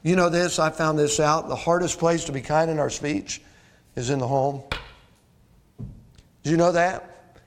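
Male pastor, middle-aged, slightly raised pitch, plainspoken folksy sermon delivery. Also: fairly even intonation, measured pace, long pauses. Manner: folksy, direct address to congregation, frequent "uh" and rhetorical questions.

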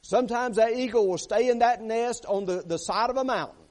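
A man's voice: extremely high pitch, a little fast, darkish tone. A man preaching a sermon as pastor, emphatic and repetitive, often checking in with the congregation. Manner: emphatic, repeats phrases, asks "right?" and "amen?" of the congregation.

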